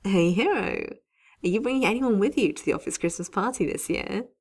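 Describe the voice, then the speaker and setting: A woman voicing an excitable young woman who gossips at the office, eager and teasing. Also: mid-range voice, a little fast.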